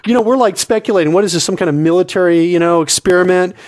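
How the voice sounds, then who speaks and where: A man telling absurd comic stories on a podcast, rambling and excitable, often laughing at his own tale. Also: sits high, quick pace. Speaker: comedy podcast regular.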